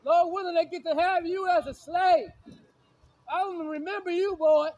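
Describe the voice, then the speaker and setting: Man, very high pitch, combative preacher who quotes scripture and hammers the same lines. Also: fairly even intonation, normal speed, no room sound, poor audio. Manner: repetitive, insulting, shouts lines again and again. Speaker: street preacher. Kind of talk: confrontational preaching with scripture readings.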